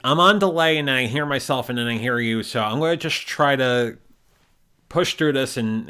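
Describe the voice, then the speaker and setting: A male host with an ordinary pitch talks over a video call in a casual live stream. He rambles and often stumbles on repeated words. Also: bright, forceful tone, clear, resonant tone. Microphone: headphones on a video call.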